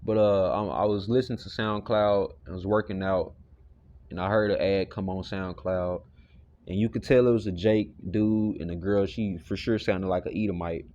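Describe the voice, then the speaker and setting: A man's voice: deep voice, fairly even intonation, normal speed, a little mellow, dull audio. A man teaching a casual Bible lesson, talking loosely and conversationally with lots of "you know" and the odd curse.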